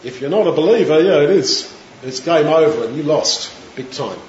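A man preaching a sermon, retelling scripture in a lively storytelling manner, in an echoey room with dull sound. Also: fairly high pitch, normal speed, slight background noise. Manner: animated storytelling, retelling scripture in his own words.

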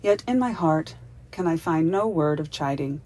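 A woman voicing a stern, grizzled ancient male forest master in a storybook reading, solemn and measured. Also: low voice, animated, darkish tone. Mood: grave.

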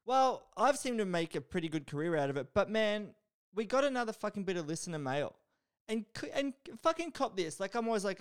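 A man's voice: sits high, a little fast, clear, resonant tone. A man hosting a podcast, chatting casually and reading out listener mail, joking and swearing a lot. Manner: profane, animated and joking. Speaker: podcast host.

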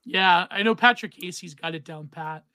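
Male podcast co-host, loose rambly chat, high-pitched, dry close sound. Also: moderate pace, bright, forceful tone, clear, resonant tone, no echo. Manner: rambling, many fillers and restarts. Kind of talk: casual chat on a livestream.

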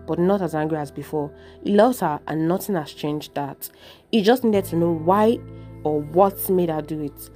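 A woman narrates a dramatic story in an expressive, measured reading. Her voice is low and mellow. Soft instrumental music plays faintly under it.

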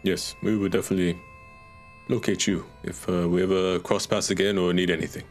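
A man's voice: low-pitched, level tone, brisk, soft background music. A man voicing an earnest rabbit-folk bard. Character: young male rabbit-folk hopeful bard.

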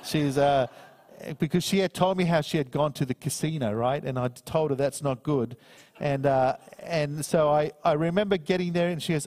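A man's voice: on the high side, darkish tone, big-room sound. A middle-aged man preaching a sermon, earnestly reading scripture and telling a personal story. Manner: earnest, slows down to read scripture. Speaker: minister.

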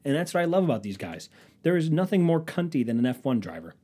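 A man's voice: on the high side, sing-song, quick pace, dark tone. A man rambling casually as a podcast host, sarcastic and profane. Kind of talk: casual chat.

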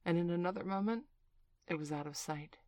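A woman narrating a storybook aloud in a clear, measured, expressive way. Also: lowish voice, no echo.

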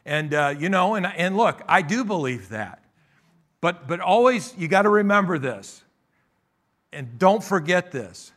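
A male pastor delivering a sermon with a bright, ringing voice pitched a little high. He drives his points with loud emphatic bursts, drops into quieter asides, and keeps calling for an amen. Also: sing-song, unhurried. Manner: preacherly, calls for amens, swings between loud bursts and soft asides.

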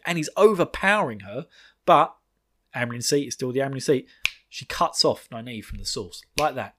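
A man's voice: on the high side, a bit bright. A man casually recapping a fantasy book, rambling and laughing often as he goes. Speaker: book reviewer.

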